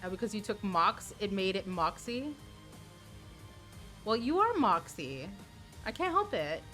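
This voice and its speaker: A woman's voice: mid-range voice, very animated, a little slow, bright, forceful tone, soft background music. A woman streamer chatting casually and playfully with her viewers. She sounds a little tired and often repeats words as she restarts.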